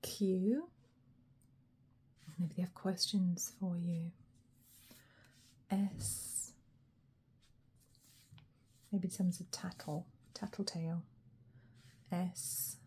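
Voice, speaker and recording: A woman's voice: lowish voice, fairly even intonation, slow, long pauses, dark tone, slight background noise. A woman giving a chatty, casual pick-a-card tarot reading, thinking aloud and laughing lightly as she goes. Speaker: tarot reader.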